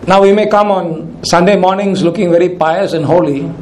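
High-voiced preacher in an echoey church. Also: male voice, a little mellow, a little hiss or hum. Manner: emphatic preaching, slows and rises on commands. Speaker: pastor. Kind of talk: sermon.

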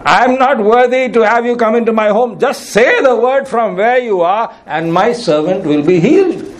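A man's voice: very high voice, normal speed, slight background noise, pitched above the performer's own voice. A male preacher voicing a humble, pleading Roman officer in a retold scripture story.

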